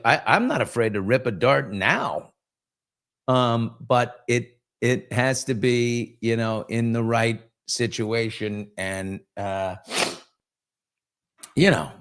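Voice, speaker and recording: A man's voice: medium pitch, fairly bright tone. A man in his fifties hosting a casual live chat, reading viewer comments and telling candid, rambling stories. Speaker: host.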